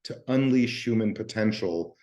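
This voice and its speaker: Middle-aged male speaker, scratchy hoarse voice, low pitch, relaxed presenter on a video call. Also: moderate pace, lo-fi sound. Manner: relaxed, talks with fillers and restarts. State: hoarse from voice overuse. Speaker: guest speaker, nonprofit founder. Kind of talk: live-stream presentation.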